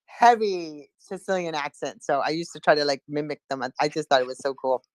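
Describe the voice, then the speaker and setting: A woman hosts a casual online chat, friendly and loosely rambling. Her voice is low for a woman. The sound is dry and close. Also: a little fast, no echo. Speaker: host.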